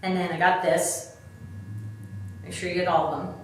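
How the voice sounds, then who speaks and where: The DIY expert here is a middle-aged woman with a fairly low voice, a level tone, and a moderate pace. She chats through a craft demonstration one step at a time, casual and self-deprecating, while a distant mic records her in an echoey room over faint background noise.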